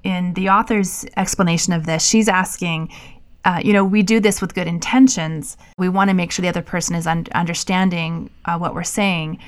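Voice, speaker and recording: A woman's voice: on the low side, fairly even intonation, moderate pace. A woman co-hosting a podcast, talking in a casual, thoughtful way that often trails off and restarts. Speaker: podcast co-host. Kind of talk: casual conversational podcast chat.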